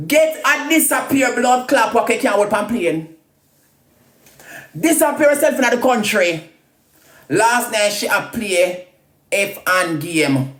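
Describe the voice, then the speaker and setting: A Jamaican woman ranting crudely on a live video, trading loud insults and singsong taunts. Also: fairly high pitch, expressive, unhurried, pauses often. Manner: loud crude cussing, sing-song taunts. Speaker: social media personality. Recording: roomy echo.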